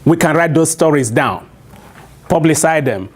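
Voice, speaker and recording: A man's voice: fairly high pitch, expressive, normal speed. A man with a Nigerian accent telling a traditional story to a live audience, prompting them with call-and-response questions.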